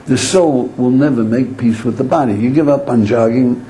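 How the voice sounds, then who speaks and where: A man from Israel giving a lecture as a rabbi, with a relaxed, dark and mellow tone. He tells his points as stories, acting out the arguing voices in a person's head. He laughs lightly between phrases. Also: mid-range voice, normal speed, slight background noise, poor audio. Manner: animated storytelling, acts out inner voices, chuckles often. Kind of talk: Torah lecture to an audience.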